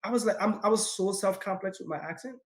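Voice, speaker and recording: Guy with an accent guesting on a podcast, high voice, talks super fast, really emphatic. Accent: non-native English accent. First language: not English; speaks four languages. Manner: energetic, emphatic, repeats words when excited. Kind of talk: casual podcast conversation.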